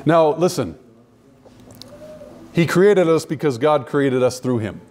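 A man preaching a sermon to a live audience, emphatic, slowing down to stress key words and addressing listeners directly. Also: on the high side, animated, darkish tone, a little hiss or hum.

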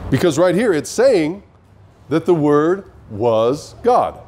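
A man's voice: on the high side, sing-song, measured pace, darkish tone, a little hiss or hum. A man teaching the Bible in an earnest way, often asking his listeners questions.

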